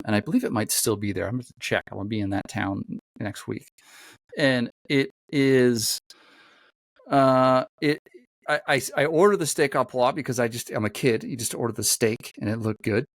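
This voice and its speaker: A man's voice: fairly low pitch, no room sound. Rambling, easygoing man in casual chat. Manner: rambling storyteller, lots of fillers and restarts. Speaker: podcast host.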